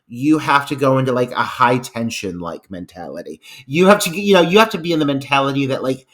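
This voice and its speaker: A man's voice: mid-range voice, lively intonation, a little fast, a bit bright. A man co-hosting a podcast, talking casually about a film in loose phrasing full of fillers. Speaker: podcast co-host.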